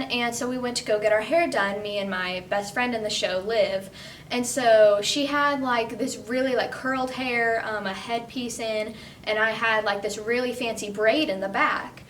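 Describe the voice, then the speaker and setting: A woman's voice: a little high, fairly bright tone. A teenage girl from Tennessee casually telling a funny personal story, chatty and full of filler words. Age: teens. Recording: distant mic, faint noise.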